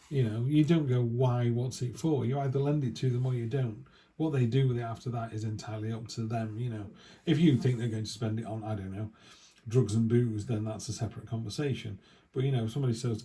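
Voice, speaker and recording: Male tarot reader, mellow warm tone, rambling casual delivery with asides. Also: mid-range voice. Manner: rambling, chatty, restarts and asides. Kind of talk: casual weekly tarot reading.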